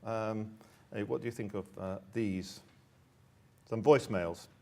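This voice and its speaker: A man's voice: lowish voice, fairly even intonation, unhurried, background noise. A middle-aged man giving a presentation about a course book, talking with many restarts and repeated words. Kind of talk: presentation talk.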